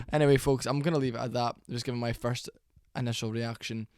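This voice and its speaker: A young man giving a casual, rambling reaction commentary, tired and low on energy, with fillers and swearing. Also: brisk, a little mellow, no room sound, studio quality. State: sleepy, worn out. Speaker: MMA reaction channel host.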